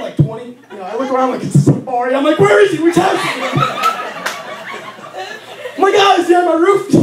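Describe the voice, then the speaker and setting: A young male comic does a crude, exasperated stand-up set in a lounge. His voice sits very high for a man. The recording comes from a distance in an echoey room, with the audience laughing throughout. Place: comedy lounge.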